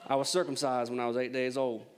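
A man voicing a boastful male apostle in a put-on Southern US accent, reading lower and laughing as he goes. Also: flat delivery, fast, clear, resonant tone, natural voice.

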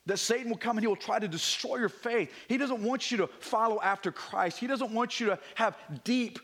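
High-voiced guy preaching a sermon, gets quiet then builds up loud, repeats words. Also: a little fast. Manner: swings from hushed to emphatic, repeats words when building a point. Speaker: pastor.

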